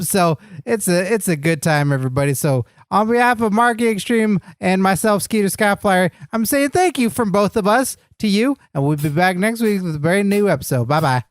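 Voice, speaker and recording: A man's voice: high-pitched, expressive, normal speed, few pauses, no room sound, clean studio sound. A man co-hosting a comedy wrestling podcast, joking and rambling through his lines. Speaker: podcast co-host.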